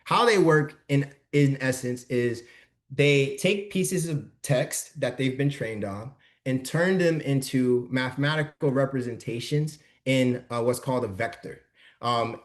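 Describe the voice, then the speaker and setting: A young man presenting a casual live workshop over a video call, chatty and informal, checking in with his audience often. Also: medium pitch.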